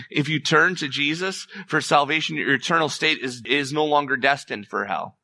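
Emphatic male preacher, bright dry voice. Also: on the high side, normal speed, vocal fry, few pauses, no room sound. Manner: earnest, emphatic preaching with rising intensity. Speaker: pastor. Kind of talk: sermon.

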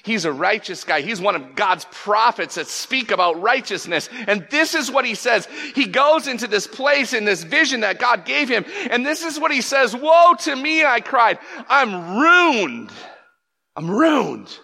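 A man's voice: high voice, lively intonation, normal speed, gravelly, hardly any pauses. Emphatic preacher man in an echoing hall. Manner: emphatic, swings between loud bursts and hushed lines. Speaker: pastor. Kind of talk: sermon. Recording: long reverb of a large hall.

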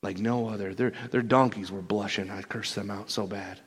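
A man performing a burly, blunt apostle in a rambling, excitable first-person sermon monologue. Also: on the low side, moderate pace, breathy edge. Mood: rowdy. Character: burly rough-talking apostle Peter, impulsive and blunt.

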